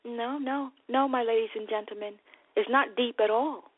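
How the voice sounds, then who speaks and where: A woman's voice: a little high, normal speed, no echo. A woman nutrition coach preaching with passion on a radio program, calling her listeners beloved and getting worked up. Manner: impassioned, animated, addresses listeners as beloved. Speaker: nutrition coach and broadcast host. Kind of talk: preaching-style health talk. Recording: dry, phone-like radio broadcast.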